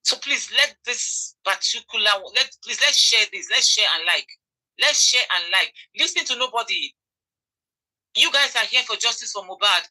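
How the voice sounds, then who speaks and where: A woman's voice: medium pitch, bright, forceful tone, poor audio. A Nigerian woman giving impassioned commentary, repeating phrases for emphasis and pleading with her audience. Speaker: online commentator.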